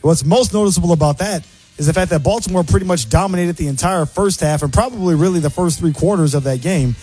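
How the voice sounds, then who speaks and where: Fast-talking husky male sports radio host. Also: high voice, a little mellow, soft background music. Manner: fast, opinionated game analysis.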